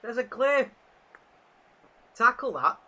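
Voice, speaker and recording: A man's voice: very high voice, big pitch swings, slow pace, bright, forceful tone. A man hosting a live fan commentary stream, calling the match and reading out viewer chat. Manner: chatty, reads out viewer chat between play calls. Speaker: fan channel host.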